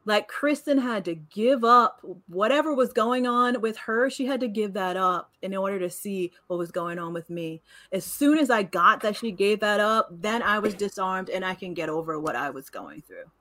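Woman, podcast co-host, casual chat, frank, emphatic, mid-pitched voice. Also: lively intonation, normal speed, few pauses, a bit bright.

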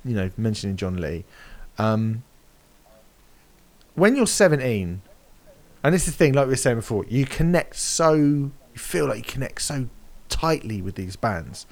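A man's voice: medium pitch, very animated, moderate pace. A man in his forties chatting casually on a podcast, telling a story with lots of animation and swearing. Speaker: podcast guest. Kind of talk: casual chat.

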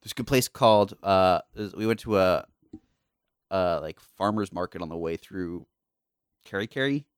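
A man's voice: low voice, normal speed, smooth, dry recording, clean studio sound. A young man hosting a casual chat, telling travel stories in a rambling, teasing way. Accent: not New Zealand. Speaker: podcast host.

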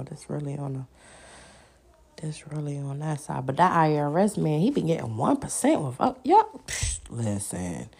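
Blunt, loud-scolding woman podcast host. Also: low voice, gravelly. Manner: blunt, profane, scolds loudly. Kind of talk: casual chat. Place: at home. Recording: noisy background.

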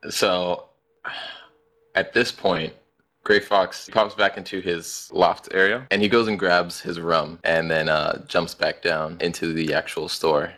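A man's voice: sits low, flat delivery, a little slow, fairly bright tone. A man playing a tabletop game, talking hesitantly and often restarting his sentences. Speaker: player. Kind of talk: casual tabletop play.

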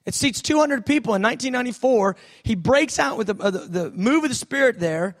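A male pastor preaching a sermon, telling stories with lively, animated delivery and acted-out voices. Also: very high-pitched, fairly quick. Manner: animated storytelling, acting out voices, drops soft for quoted God.

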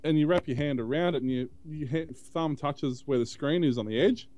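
A man's voice: on the high side, a little fast, darkish tone, slight background noise. A man co-hosting a tech podcast, chatting casually in a rambling way. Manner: rambling, many fillers and restarts. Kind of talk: casual chat.

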